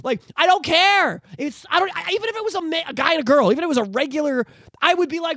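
Fast, lively, profane podcast ranter. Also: very high-pitched, no echo, studio quality. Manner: profane, animated ranting. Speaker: podcast co-host. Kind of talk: casual ranting podcast chat. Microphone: podcast microphone.

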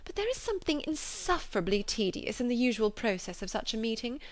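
A woman's voice: a little high, very animated, brisk, no room sound, voice pushed up. Caroline Bingley, a woman voicing a haughty lady. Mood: languid. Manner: arch, insistent. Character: haughty young society lady, scheming.

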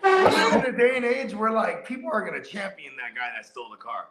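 Animated, laughing man in an echoey room. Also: high-pitched, brisk, over a noisy crowd. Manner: animated storyteller, acts out other people's lines, laughing often. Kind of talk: casual chat.

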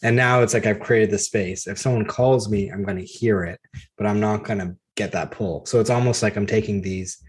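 Low husky man in casual talk. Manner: relaxed, conversational, asks questions. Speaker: podcast co-host. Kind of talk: casual faith discussion.

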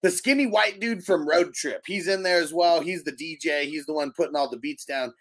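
A man co-hosting a podcast, retelling a movie in a casual, animated way, laughing often and swearing freely. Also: fairly high pitch, a little fast. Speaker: podcast host.

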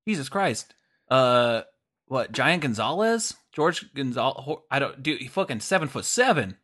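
Bright-toned excitable man, swearing. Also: mid-range voice, unhurried. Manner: excitable, swears freely, laughs often. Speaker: podcast co-host. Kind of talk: casual chat.

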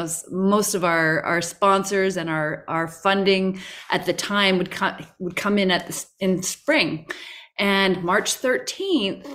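A woman shares a personal story in a live talk. Her voice sits a little low, and she tells it with plenty of restarts and sudden excited rises. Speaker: co-host.

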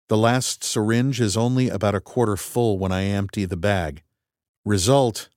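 A male narrator reading a first-person story with a low voice and a wry, methodical delivery. The recording is dry and close, with no room sound. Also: a little mellow, dry recording. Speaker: audiobook narrator.

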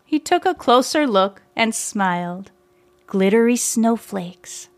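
Woman, storybook narration, gentle measured reading, fairly high voice. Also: lively intonation. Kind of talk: storybook narration read aloud.

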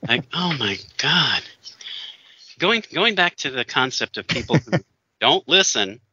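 A man co-hosting a casual chat, telling an anecdote with lively acted-out quotes and frequent laughter. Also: mid-range voice, measured pace, lo-fi sound, a little hiss or hum. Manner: animated, acts out quoted voices, laughs often. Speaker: podcast co-host.

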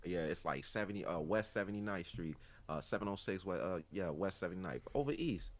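Profane, animated Chicago man talking. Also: deep voice, fairly quick. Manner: animated, profane storytelling with slang. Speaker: podcast co-host. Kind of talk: casual chat.

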